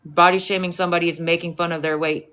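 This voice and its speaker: A woman's voice: fairly low pitch, level tone, quick pace, fairly bright tone. A woman livestreaming, ranting at a rival and her chat in a profane, confrontational way, with mocking, scornful asides.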